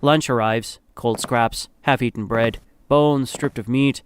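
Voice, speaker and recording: A man's voice: mid-range voice, fairly even intonation, a little slow, slight background noise. A man narrating a dramatic story in the second person, in a grave, somber manner.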